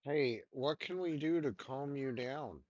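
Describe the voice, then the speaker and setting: A man's voice: medium pitch, a little slow, a little mellow, dry recording. A man playing in a tabletop game, asking hesitant questions. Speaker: player. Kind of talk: casual game chat. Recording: dull lo-fi mic, dry.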